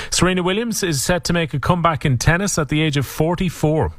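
A man briskly reads the radio sports bulletin. His voice is mid-pitched, and the studio recording is dry and close. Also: no room sound. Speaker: sports newsreader.

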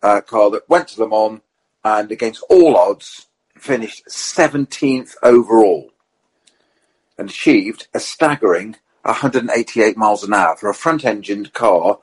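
A middle-aged man and racing driver on a podcast, telling motorsport anecdotes in a lively way and acting out the quotes. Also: lowish voice, unhurried, husky, poor audio.

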